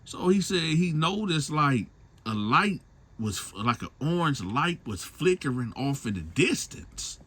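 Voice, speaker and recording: A man's voice: a little high, sing-song, takes it slowly, fairly bright tone, breathy edge. A man retelling a story in a loose, slangy way, often tagging lines with a question. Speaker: storyteller host. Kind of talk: casual storytelling.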